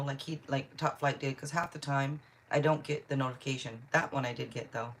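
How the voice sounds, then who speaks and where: A woman's voice: a bass voice, steady tone, brisk, hardly any pauses, slight background noise. A woman from Seattle, a tarot reader on a live stream, chatting casually and answering viewers' comments one by one. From Seattle, Washington. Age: adult.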